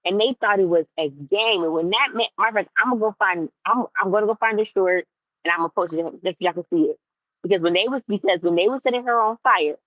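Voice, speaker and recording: A young woman vlogging in a casual, animated rant to her viewers, repeating herself for emphasis. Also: medium pitch, dry recording, narrow, tinny audio. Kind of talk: casual ranting chat to viewers.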